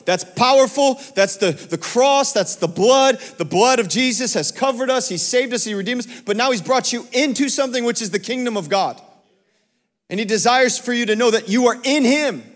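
A man's voice: very high voice, normal speed. A male pastor preaching a sermon and calling on the congregation for responses, with emphatic repeats. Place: church sanctuary. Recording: long church hall reverb.

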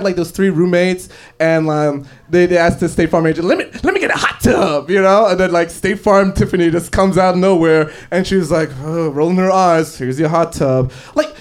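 A young man with a high voice rattles through a stand-up set at a comedy club, fairly quick and with hardly any pauses. He tells stories packed with fillers and laughs along as he goes.

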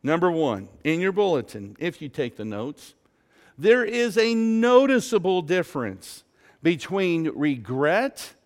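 A man preaching a sermon as pastor, slow and emphatic, asking the congregation rhetorical questions. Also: on the high side, sing-song, in a large hall. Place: church sanctuary.

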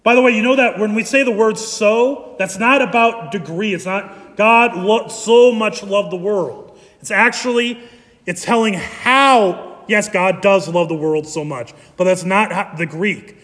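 High-voiced pastor preaching slowly in a hall. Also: male voice. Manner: animated preaching, slow and emphatic. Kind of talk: sermon.

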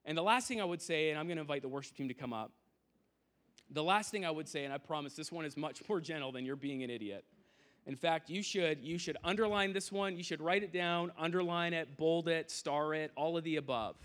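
This youth pastor, in his thirties, has a voice on the high side, brisk and a bit bright. Preaching in a big auditorium tent, he stays earnest and conversational, full of restarts and side remarks.

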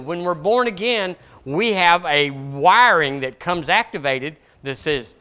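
A man preaching a sermon in a bright, forceful voice pitched a little high. He swings between ringing declarations and hushed, quiet asides. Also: lively intonation, unhurried, hardly any pauses, smooth. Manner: emphatic preaching, rising and dropping to soft asides. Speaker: pastor.

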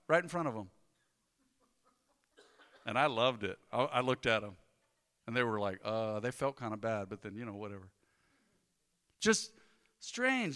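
A man, a pastor preaching a sermon in a conversational, joking way with animated storytelling. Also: medium pitch, moderate pace, long pauses, clear, resonant tone, in a large hall.

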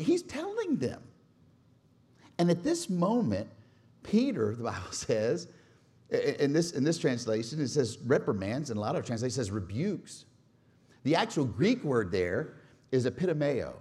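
A man in his forties preaching a sermon with animated, humorous storytelling. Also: fairly high pitch, normal speed. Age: 40s. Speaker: pastor.

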